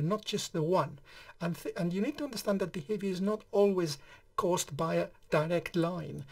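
A man's voice: fairly high pitch, darkish tone. A middle-aged man lecturing on psychiatry in a conversational way, explaining ideas through everyday examples and often restarting his sentences. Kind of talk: recorded lecture.

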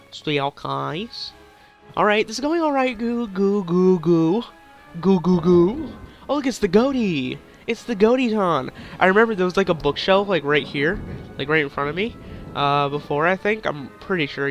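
Young male gaming YouTuber, slightly high pitch, silly crude rambling, faint background music. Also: a bit bright. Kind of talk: goofy gameplay commentary.

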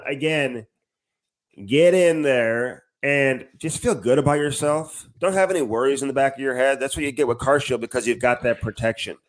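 A man's voice: mid-range voice, moderate pace. A man co-hosting a podcast, chatting casually and reading sponsor ads, often tacking on "man". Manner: breezy, says "man" a lot. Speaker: podcast co-host. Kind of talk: casual podcast chat and ad reads.

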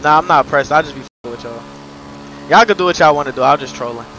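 A man livestreaming a game role-play, casual and brash, trash-talking and often breaking into loud yelling. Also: fairly high pitch, fast talker, faint music behind.

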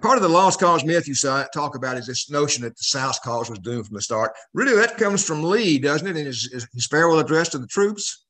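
A man's voice: fairly high pitch, expressive, brisk, fairly bright tone. Man interviewing an author. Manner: asks long framing questions. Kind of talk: book festival interview.

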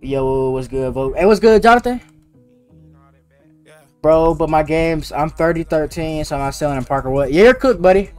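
Young guy streaming games, high voice, talks fast n slangy, dry sound w faint music behind. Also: animated, clean tone, no echo. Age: young adult. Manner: fast-talking and slangy, teasing viewers. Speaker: game streamer. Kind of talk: casual gaming livestream chat.

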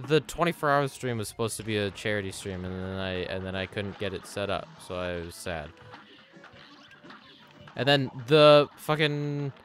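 A man streaming a game live, rambling excitedly to chat, swearing often and making fun of himself. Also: medium pitch, slight background noise. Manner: sudden yelps at the game. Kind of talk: casual live-stream chatter.

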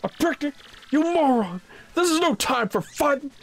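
A man voicing a huge, hot-tempered male turtle-dragon king, loud and blustering, during a game playthrough. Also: very high voice, expressive, unhurried, pitched above the performer's own voice, heavily acted. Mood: ranting.

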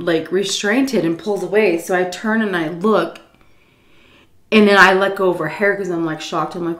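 A woman telling a story while eating, animated and profane, jumping into a high voice when she acts out quotes. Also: roomy sound. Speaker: YouTube storyteller. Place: home, indoors.

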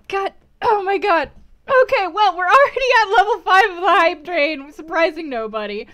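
Very high-voiced, giggly woman streamer. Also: expressive, normal speed, a bit bright. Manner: giggly and effusive, reading out long lists of names. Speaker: livestreamer. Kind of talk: casual livestream chat, thanking viewers.

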